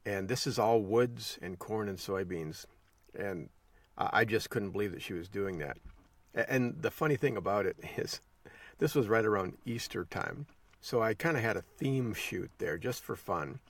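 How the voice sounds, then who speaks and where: A man's voice: fairly low pitch, animated, normal speed, no room sound, recorded from a distance. A man hosting a podcast, telling a folksy story in a casual monologue and chuckling along the way. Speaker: podcast host.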